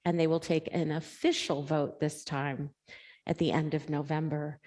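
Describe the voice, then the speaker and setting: A woman greets the congregation affectionately and reads a service announcement. Her voice is low and mellow. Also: flat delivery, moderate pace. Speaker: service leader giving announcements. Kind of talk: church announcement.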